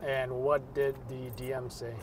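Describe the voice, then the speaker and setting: A man's voice: mid-range voice, little pitch movement, a little slow, a little hiss or hum. A man interviewing a guest, asking short direct questions.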